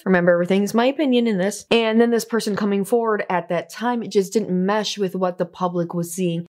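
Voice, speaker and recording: A woman's voice: medium pitch, darkish tone. A woman hosting a commentary vlog, talking in a chatty, offhand way with filler asides. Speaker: commentary channel host.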